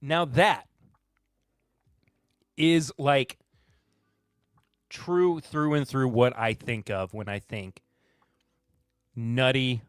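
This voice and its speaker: Slow-talking man hosting a bourbon stream. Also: medium pitch, clear, resonant tone, no echo, clean studio sound. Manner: relaxed, rambling, with fillers and self-corrections; answers chat comments and laughs at them. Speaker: podcast host. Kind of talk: casual live-stream chat.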